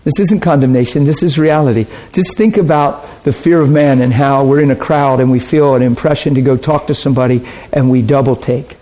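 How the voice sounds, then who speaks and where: A man's voice: mid-range voice, steady tone, brisk, few pauses, mellow. A man preaching a sermon in an earnest, conversational way, asking his listeners rhetorical questions.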